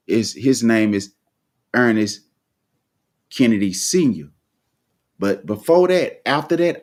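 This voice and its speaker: A man from the United States hosting a livestream, giving a casual commentary monologue with halting restarts and rhetorical questions to his listeners. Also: medium pitch, darkish tone. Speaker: livestream host.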